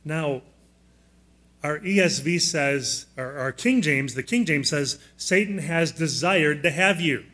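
Plainspoken male pastor, slightly high voice. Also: slow, fairly bright tone. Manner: plainspoken, asks the congregation frequent questions; teaching style, walking listeners through note blanks. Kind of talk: sermon.

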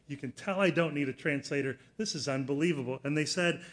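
A middle-aged man preaching a sermon, telling a personal story in an earnest way that rises to loud emphasis. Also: on the high side, quick pace.

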